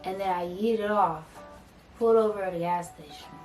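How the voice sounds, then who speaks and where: A young woman vlogger telling a dramatic storytime, acting out quoted dialogue in a lively way. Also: mid-range voice, moderate pace. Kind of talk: storytime vlog. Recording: roomy echo from a distant mic with faint music.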